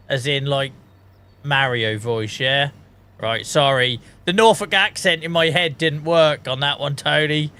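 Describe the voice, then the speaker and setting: With a British accent, this man streams a game in casual live chat, ranting and laughing frequently at his own jokes. His voice sits somewhat high, measured in pace, bright and forceful, clear and resonant.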